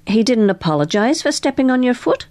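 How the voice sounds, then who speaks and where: A woman voicing a polite, inquisitive woman detective who asks gentle, probing questions. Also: a little high, very animated, a little fast, pitched above the performer's own voice. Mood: inquiring.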